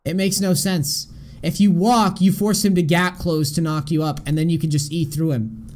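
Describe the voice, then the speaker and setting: A man's voice: a little high, level tone, moderate pace, a little mellow. A young man coaching a player over a live stream, blunt and exasperated, swearing often. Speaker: game coach.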